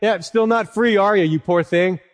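A man's voice: sits high, moderate pace, long reverb tail, natural voice. A man voicing a sly male crow who taunts and coaxes, in a sermon story. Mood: taunting. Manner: mocking, coaxing.

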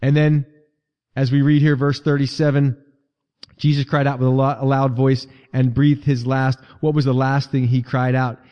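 A man's voice: mid-range voice, level tone, moderate pace. A man preaching a sermon as pastor, speaking earnestly and conversationally, with emphasis that builds in repeated phrases. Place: church sanctuary. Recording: reverberant hall, dull lo-fi sound.

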